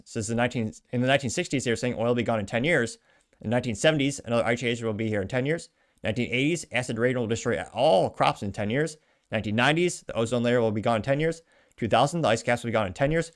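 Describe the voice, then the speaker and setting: This is a man hosting a commentary show who reads online posts out loud. He mixes the reading with sarcastic, half-muttered remarks. His voice sits at an ordinary pitch for a man. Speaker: political commentary host. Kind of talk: reading and reacting to social media posts.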